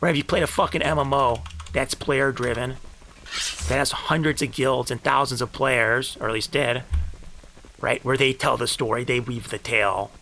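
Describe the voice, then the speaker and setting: Grandiose, bright-voiced male game streamer. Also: mid-range voice, fairly even intonation, moderate pace, creaky, a little hiss or hum. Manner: grandiose storytelling, turning heated and profane. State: high. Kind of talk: live game stream commentary.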